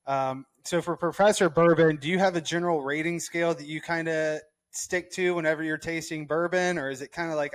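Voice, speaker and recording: A man's voice: a little high, steady tone, a little fast, hardly any pauses. A man co-hosting a podcast, easygoing and asking questions. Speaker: podcast co-host. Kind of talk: casual podcast chat.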